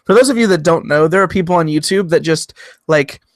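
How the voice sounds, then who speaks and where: A man's voice: fairly high pitch, no echo. A young man co-hosting a podcast in casual chat, teasing and opinionated. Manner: teasing, opinionated, talks in quick bursts. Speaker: podcast co-host.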